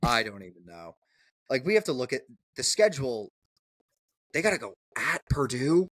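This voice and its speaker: A man's voice: mid-range voice, big pitch swings, moderate pace, fairly bright tone, no room sound. A young man co-hosting a casual sports podcast, rambling and restarting his sentences a lot, with easy cursing. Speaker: podcast co-host.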